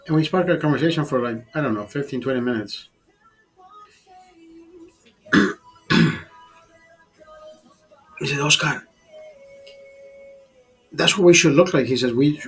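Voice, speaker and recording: A man's voice: on the high side, breathy edge, rough recording. A middle-aged man telling stories in a casual vlog, rambling, repeating himself and swearing a lot. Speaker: vlogger. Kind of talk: casual storytelling while drinking.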